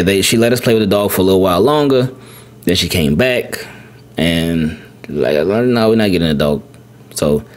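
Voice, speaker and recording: Podcast guy, lowish voice, rambling story, repeats himself a lot, goes way high doing his kid. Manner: rambling, repeats words, animated when quoting his son. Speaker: podcast host. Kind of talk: casual storytelling.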